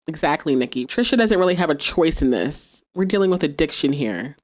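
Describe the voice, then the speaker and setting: Podcast host lady, lowish voice, chatty recap, keeps laughing and doing the characters' lines. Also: lively intonation, fairly quick, few pauses, a little mellow. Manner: chatty, laughs often, acts out quoted dialogue. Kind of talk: casual episode recap.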